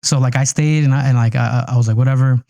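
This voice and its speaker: A man's voice: medium pitch, steady tone, fast, gravelly, warm tone, no room sound. A man co-hosting a podcast, telling a rambling story full of "like" and "yo". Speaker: podcast co-host. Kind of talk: casual chat.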